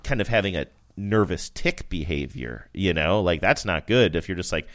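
A man's voice: deep voice, lively intonation, moderate pace, a bit bright. A man co-hosting a podcast, telling a rambling, self-deprecating story in casual chat. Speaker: podcast co-host.

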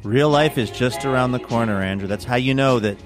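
A man's voice: mid-range voice, fairly quick, music in the background. A man co-hosting a podcast, talking things through in a hesitant, musing way. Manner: thoughtful, hesitant. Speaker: podcast co-host. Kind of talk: casual chat.

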